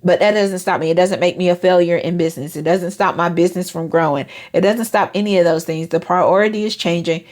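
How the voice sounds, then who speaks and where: A woman, hosting a casual motivational talk and acting out quoted friends in higher voices. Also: steady tone, brisk, hardly any pauses, darkish tone. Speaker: host.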